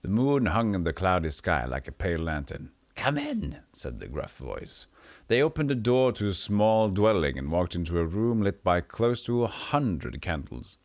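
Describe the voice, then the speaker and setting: Streaming a retro RPG at home, a deep-voiced man talks casually and reads the on-screen text out loud at a normal speed. His delivery is animated, full of stumbles and self-corrections. There's no room sound.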